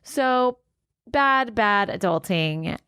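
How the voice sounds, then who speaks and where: A woman's voice: medium pitch, lively intonation, drawn-out words, fairly bright tone, clear, resonant tone, no room sound, studio quality. A woman in her forties co-hosting a podcast, tired and headachy after a late night, telling stories with a self-deprecating laugh. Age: 40s. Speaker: podcast co-host. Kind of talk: casual chat.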